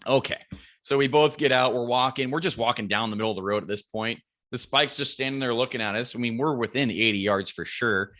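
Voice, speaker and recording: A young man, a guest on a podcast, tells a long story with loose, animated energy, jumping into the voices of himself and his buddy and cursing freely. His voice has a bright, sharp edge to it. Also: mid-range voice, brisk. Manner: animated storyteller acting out quotes, swears freely.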